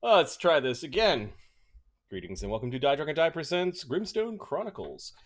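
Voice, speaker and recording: A man's voice: a little high, big pitch swings, normal speed. A man hosting and running a tabletop game, chatting casually with lots of fillers. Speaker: game master and host.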